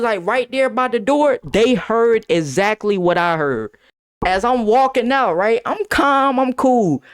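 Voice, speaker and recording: A young man streaming, telling a wild high school story to his chat, laughing and swearing as he goes. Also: clear, resonant tone. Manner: swearing, laughing, big dramatic voice swings. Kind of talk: animated storytelling to a live chat.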